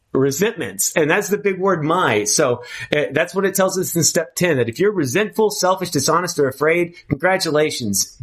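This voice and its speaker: A man's voice: a little high, a bit bright, breathy edge. A man speaking candidly at a twelve-step recovery meeting, earnest and emphatic, often restarting his phrases.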